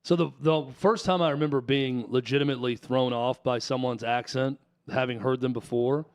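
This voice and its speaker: A man's voice: medium pitch, fairly even intonation, moderate pace, clean tone. A man co-hosting a talk show, explaining things in a chatty, opinionated way. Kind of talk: casual talk show chat.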